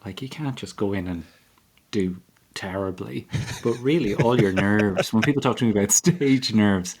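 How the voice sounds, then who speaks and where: An Irish man, a comedian guest, talking through ideas in a measured, reflective way during a casual interview. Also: lowish voice, darkish tone, slightly rough. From Ireland.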